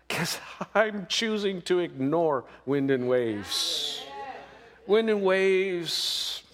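A man's voice: fairly high pitch, lively intonation, very slow, fairly bright tone. A male pastor preaching a sermon in a conversational way, with emphatic rises and frequent "right?" asides. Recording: long reverb of a large hall.

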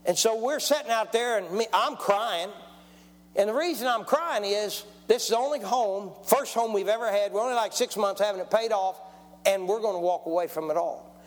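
A man's voice: high voice, normal speed. A man, preaching a testimony sermon in a folksy storytelling way and calling for amens. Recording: long church hall reverb.

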